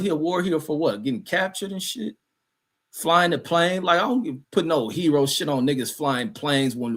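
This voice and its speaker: A man's voice: fairly high pitch, a bit bright. Ranting man, profane livestream host. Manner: heated, profane, ranting with fillers. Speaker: podcast host reading chat comments.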